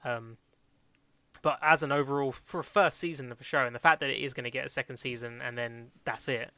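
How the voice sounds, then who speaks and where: Young male co-host, crisp bright voice, dry close sound, loose rambling chat full of fillers. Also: mid-range voice, steady tone, a little fast, no echo. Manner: rambling, many fillers and restarts, laughs often. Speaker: podcast co-host. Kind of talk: casual chat reviewing TV shows.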